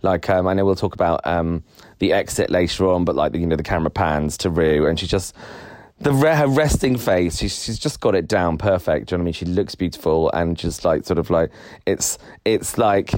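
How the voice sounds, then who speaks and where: Guy, podcast co-host, lowish voice that shoots up when he gets excited, chatty and rambly. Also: a little fast, no room sound, clean studio sound. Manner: rambling, laughs often, voice jumps high when excited. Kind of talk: casual chat.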